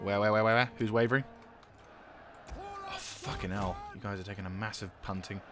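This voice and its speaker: A young man giving let's-play commentary, excitedly barking orders at his troops, swearing, and rambling about the game. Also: on the low side, racing, over music. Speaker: gaming channel host.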